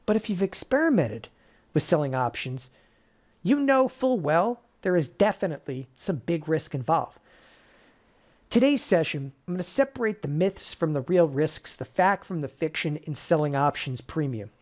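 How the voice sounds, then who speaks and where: A middle-aged options trading instructor teaching a live webinar, energetic and firing rhetorical questions at the audience. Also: medium pitch, normal speed. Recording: dull lo-fi webinar audio.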